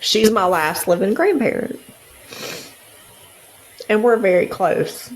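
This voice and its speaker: A woman's voice: medium pitch, lively intonation, takes it slowly, low-quality recording. A middle-aged woman co-hosting a podcast, speaking in an earnest, heartfelt and reflective way in casual conversation. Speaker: podcast co-host. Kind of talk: casual chat.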